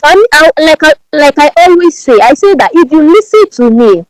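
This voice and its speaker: A Nigerian woman with a strong Yoruba accent talks as a podcast guest, fairly high and very animated, her pitch leaping up and down. She speaks with emphasis and often repeats words as she goes. The sound is dry, with no room echo. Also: a little fast. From Nigeria, Ibadan. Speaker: podcast guest, branding strategist. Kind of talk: podcast interview.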